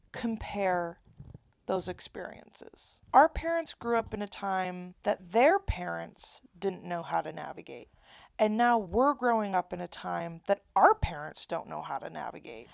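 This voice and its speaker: A young woman in her twenties with a gravelly, creaky edge to her voice, venting to camera. She rambles and keeps restarting her thoughts. The sound is close and dry, with no room around it. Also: mid-range voice, no echo. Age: 20s. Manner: rambling, self-interrupting, candid. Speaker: vlogger. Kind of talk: casual confessional monologue.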